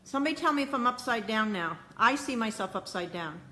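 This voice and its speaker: A woman's voice: fairly high pitch, expressive, quick pace, pushed and bright. Flustered woman fixing her live stream. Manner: flustered, muttering to herself while fixing camera. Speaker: cooking show host. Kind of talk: live stream, talking to viewers. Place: home kitchen, indoors. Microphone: phone or tablet camera mic.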